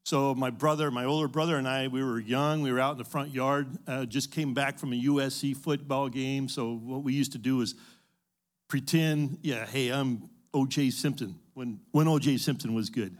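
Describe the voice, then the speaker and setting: A man's voice: medium pitch, fairly even intonation, moderate pace. A man from the Los Angeles area, sharing in a group talk in a reflective way and quoting scripture.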